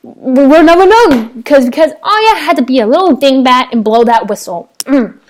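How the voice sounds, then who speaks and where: A young woman, chatting casually to her laptop webcam at home, rambling excitedly with lots of fillers and restarts. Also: high voice, normal speed. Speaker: vlogger reviewing a TV episode. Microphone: laptop webcam microphone.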